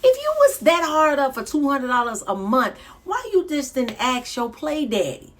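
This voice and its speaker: Woman reaction commentator, expressive and sermon-like. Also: high-pitched, normal speed. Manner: animated, preachy, laughing asides.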